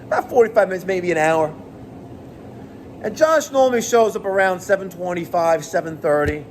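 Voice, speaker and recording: A man's voice: high-pitched, normal speed, a little hiss or hum. Profane New man ranting. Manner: animated, profane, exasperated ranting. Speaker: plumbing business owner. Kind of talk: rant vlog to camera.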